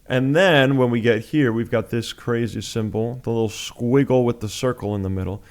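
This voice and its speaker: A man's voice: mid-range voice, moderate pace, a little mellow. A man teaching chant in a music lesson, explaining step by step with patient, plain talk and sung examples.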